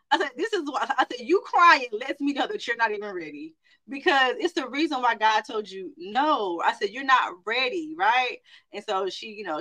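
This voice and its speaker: A young woman delivers a lively sermon with a bright, forceful voice. She talks in an animated, emphatic way and keeps checking in with her listeners. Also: mid-range voice. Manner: animated, emphatic, frequent "right?" and "okay?" tags. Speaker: preacher.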